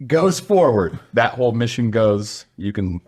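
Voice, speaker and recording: A man's voice: medium pitch, very animated, unhurried, a little mellow, breathy edge. A man casually telling a military war story on a podcast, swearing freely and acting out the people he quotes. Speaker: podcast guest, former soldier.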